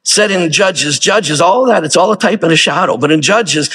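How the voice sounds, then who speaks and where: Husky-voiced man preaching conversationally. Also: sits high, expressive, normal speed, hardly any pauses, fairly bright tone. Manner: conversational preaching with rhetorical questions. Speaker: pastor. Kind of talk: sermon.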